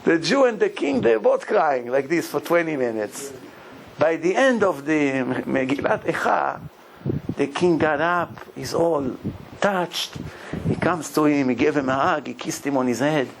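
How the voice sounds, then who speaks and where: Over a noisy background, a rabbi with a high-sided voice and vocal fry tells unhurried stories as part of his sermon. He brings the characters to life by acting them out and laughs a lot as he goes.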